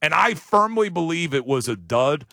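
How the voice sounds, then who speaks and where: A man hosting a sports talk show, talking casually and emphatically with big jumps in pitch. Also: sing-song, normal speed, gravelly, pushed and bright, no room sound, studio quality.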